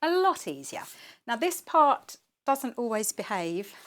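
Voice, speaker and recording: A woman's voice: fairly high pitch, sing-song, measured pace. A woman demonstrating sewing as a guest on a live TV show, chatty and self-mocking. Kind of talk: live TV craft demo chat.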